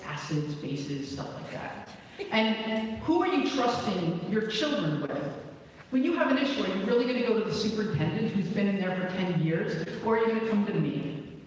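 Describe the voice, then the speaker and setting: A man's voice: high-pitched, slight background noise. A man, a parent and chemistry teacher, giving a frustrated, impassioned public comment at a town meeting. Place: large church meeting hall. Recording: very echoey hall from far off.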